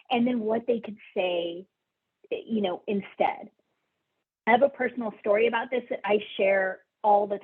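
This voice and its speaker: Woman doing a webinar talk, kinda husky, chatty with lots of ums, tinny phone sound. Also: on the high side. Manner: warm, conversational, with fillers and soft laughs. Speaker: social worker presenting a webinar. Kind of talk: webinar presentation.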